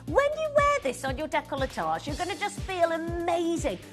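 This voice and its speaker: A woman's voice: very high voice, wildly swooping pitch, normal speed, over music. A woman presenting jewelry on a live shopping channel, chatty and gushing as she greets viewers by name. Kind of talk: live jewelry sales pitch. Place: television studio.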